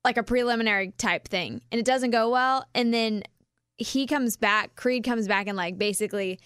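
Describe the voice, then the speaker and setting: A woman's voice: a little high, normal speed, fairly bright tone, smooth, no room sound, clean studio sound. A woman filling in as co-host in casual chat, rambling and chatty. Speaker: fill-in co-host.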